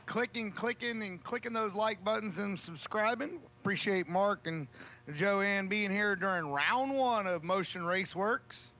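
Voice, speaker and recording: A man calling a drag race, with a joking, folksy manner and drawn-out calls. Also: high-pitched, bright, forceful tone. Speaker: race announcer. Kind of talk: drag racing commentary.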